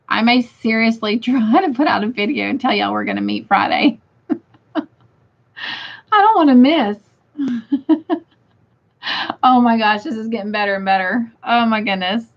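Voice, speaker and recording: A woman's voice: fairly high pitch, moderate pace. A middle-aged woman, hosting a casual livestream and reading viewer comments aloud with frequent laughter. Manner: giggly, laughs often, reads comments aloud. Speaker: livestream host reading chat. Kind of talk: casual live chat. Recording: dull lo-fi livestream audio.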